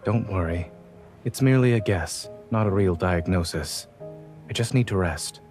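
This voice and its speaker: An actor playing a calm, composed male doctor in a romance game, speaking in a measured, quiet way. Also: low-pitched, faint music behind, close to an everyday voice. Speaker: doctor love interest. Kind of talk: game voice acting.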